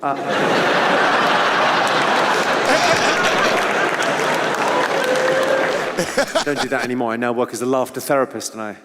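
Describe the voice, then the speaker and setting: A man's voice: medium pitch, fairly even intonation, very fast, hardly any pauses. A man with a British accent doing stand-up crowd work on a theatre stage, firing off dry quips and often breaking into his own distinctive laugh. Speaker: stand-up comedian. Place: large theatre stage with audience. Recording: live theatre with long reverb and loud noise.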